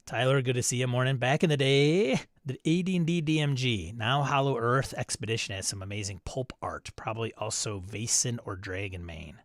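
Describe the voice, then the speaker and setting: A man's voice: medium pitch, brisk, few pauses, dry recording, studio quality. A man hosting a live stream, casually reading viewer comments aloud and riffing on them with chuckles. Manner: reads chat messages aloud, chuckling and riffing. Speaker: host of a live stream show.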